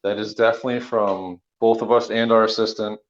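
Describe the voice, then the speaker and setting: Relaxed man co-hosting, lo-fi sound. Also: fairly low pitch, a little fast. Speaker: co-host. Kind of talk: casual podcast chat. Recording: slightly dull lo-fi sound.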